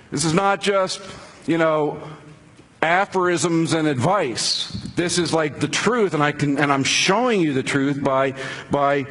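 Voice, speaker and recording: A pastor with a slightly rough, higher-pitched voice preaches a sermon conversationally. He asks rhetorical questions and often restarts his sentences.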